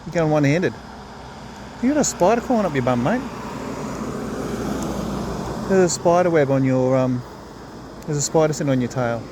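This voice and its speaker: A man with a slightly high, very lively voice speaks slowly and tenderly to a wild bird. His coaxing, affectionate tone rises and dips freely. Faint insect chirping hums in the open air behind him. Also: noisy background. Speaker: vlogger feeding a wild bird. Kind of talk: casual talk to an animal.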